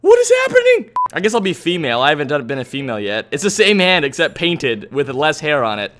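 Goofy, excitable young man gaming. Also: fairly high pitch, fast talker, soft background music. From United States. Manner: goofy and excitable, yelling in mock frustration. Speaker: gaming YouTuber. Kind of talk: comedic let's play commentary.

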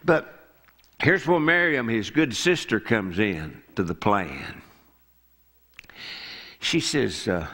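A man's voice: mid-range voice, expressive, measured pace, fairly bright tone. A man preaching a folksy sermon in a church, telling the story and acting out the characters' lines. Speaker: pastor. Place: church sanctuary.

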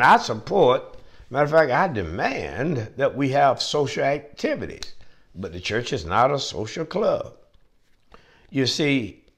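Preaching a sermon, a man lets his pitch swoop and dance lively. He drives each point in with repetition and emphatic climbs to high peaks.

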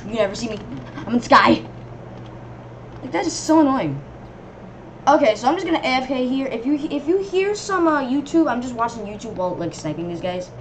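A fairly high, very animated female voice jumps all over her range as she narrates her gameplay and shrieks when enemies swarm her. Her delivery is casual and rambling, with a faint hiss of noise underneath. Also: a little fast. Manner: excitable, yelps and shrieks at enemies; rambling running reactions to the game. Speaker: gamer.

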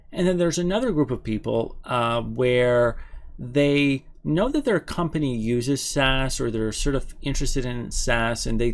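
Relaxed male instructor with gravelly voice. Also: medium pitch. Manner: relaxed, conversational, many fillers. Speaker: SAS programming instructor. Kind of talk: casual explanatory talk to camera.

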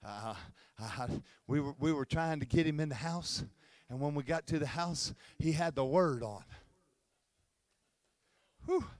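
A pastor voicing a sheepish, beaten little male imp who mumbles nervously in a hushed voice. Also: fairly high pitch, measured pace, no echo, voice pushed down, lightly acted.

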